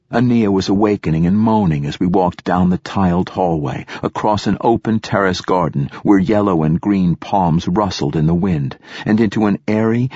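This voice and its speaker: A man narrating an audiobook in a steady, even storytelling manner. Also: low voice, breathy edge, no room sound, studio quality. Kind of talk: scripted narration.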